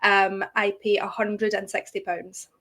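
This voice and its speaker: A woman's voice: medium pitch, level tone, measured pace, fairly bright tone. A young woman, a guest creator in a casual interview, friendly and laughing often as she explains. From United Kingdom.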